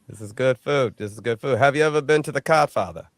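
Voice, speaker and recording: A man voicing an excitable, brash young man in a tabletop game, eager to please and tripping over his words. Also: medium pitch, quick pace, no room sound, clean studio sound, close to an everyday voice. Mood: cheerful. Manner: excitable, talks over himself.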